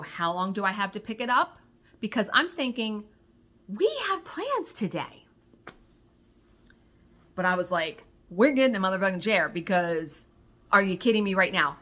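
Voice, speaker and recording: Woman, middle-aged, bright tone, casual vlog storytelling, animated, re-enacts conversations. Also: mid-range voice. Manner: animated, retells conversations, swears when excited. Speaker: crafting vlogger.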